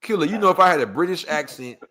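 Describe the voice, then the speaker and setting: Man from la, storytelling, lively swooping pitch, bright forceful voice, slangy asides. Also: fast. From Los Angeles. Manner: acts out quoted voices, slang-heavy, rhetorical asides. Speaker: guest storyteller. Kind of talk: animated storytelling in casual chat.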